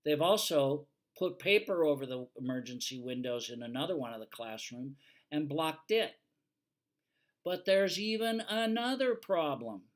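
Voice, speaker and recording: A man's voice: a little high, animated, measured pace. Older male fire safety instructor, plainspoken lecture, teasing, firm warnings. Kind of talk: lecture over slides.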